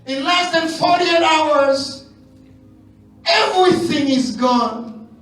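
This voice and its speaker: A man with a Haitian accent preaching a sermon, swinging from shouted, sung cries to hushed near-whispers. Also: very high-pitched, slow, very echoey, far from the mic, faint music behind, poor audio. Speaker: pastor.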